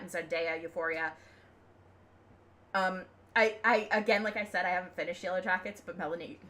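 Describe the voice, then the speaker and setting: A woman's voice: fairly low pitch, sharp tone, slight background noise. A young American woman livestreaming, chatting casually and rambling with opinions, fillers and frequent laughs. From United States. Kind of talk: casual chat.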